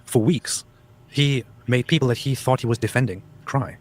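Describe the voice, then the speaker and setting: A man's voice: mid-range voice, fairly even intonation, normal speed. A man chatting casually in an indignant tone, stumbling and restarting his sentences. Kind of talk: casual chat.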